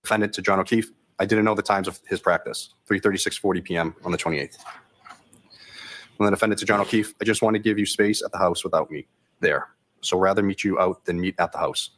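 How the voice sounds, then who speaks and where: A state trooper on the witness stand reads text messages into the court record in a very low voice. His delivery is quick and flatly monotone.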